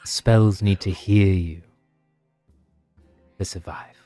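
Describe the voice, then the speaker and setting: A man's voice: low-pitched, steady tone, slow, warm tone, dry recording, faint music behind. A man voicing a refined male cat-folk figure who speaks in an eloquent, formal manner. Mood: calm formal. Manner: eloquent, formal, posh-sounding accent.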